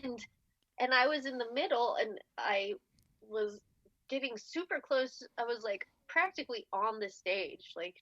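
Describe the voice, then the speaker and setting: A woman in her forties with a high, bright voice tells an animated story and laughs often as she goes. The audio is a little dull and very dry. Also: unhurried, no echo. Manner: animated, laughs often while telling stories. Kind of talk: casual storytelling chat.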